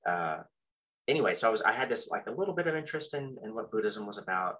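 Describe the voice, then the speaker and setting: A middle-aged man telling a personal story in a halting, reflective way, full of fillers and restarts, with soft self-deprecating chuckles. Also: on the low side, very animated, rough recording. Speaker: practitioner sharing his story.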